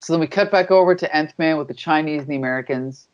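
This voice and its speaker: A man's voice: fairly high pitch, clean tone. Guy on a podcast going "and then, uh" a lot, kinda dull lo-fi sound. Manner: halting, many "uh"s and "and then". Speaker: podcast co-host. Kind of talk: casual chat recapping a comic.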